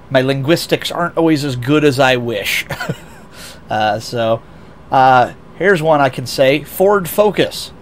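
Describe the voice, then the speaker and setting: Speaking at medium pitch, a young American VTuber streamer chats loosely while racing, reading his chat aloud. He rambles, restarts a lot, and makes self-deprecating jokes, with slight background noise in the recording.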